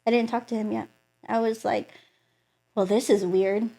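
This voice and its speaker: Young woman telling her testimony, slightly high. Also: normal speed, creaky. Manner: animated storytelling that acts out quoted voices, many filler "like"s. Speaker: guest sharing a testimony. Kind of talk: emotional personal testimony.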